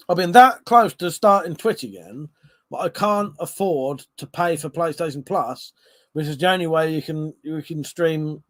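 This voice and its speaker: A man's voice: on the high side, fairly bright tone. A man hosting a live stream, chatting loosely with viewers while a bit tipsy, laughing and swearing as he reads the chat.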